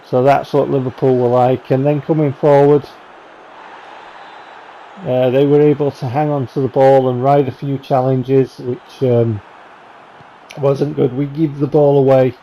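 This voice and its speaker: A man talks casually over game highlights in a chatty, rambling, wry way. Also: flat delivery, a little slow, long pauses, dull audio, slight background noise. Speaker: gaming channel host.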